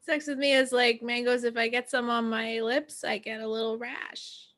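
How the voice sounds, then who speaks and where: A woman's voice: a little high, flat delivery, moderate pace, a bit bright. A woman performing improv one-liners on a video call, giggly.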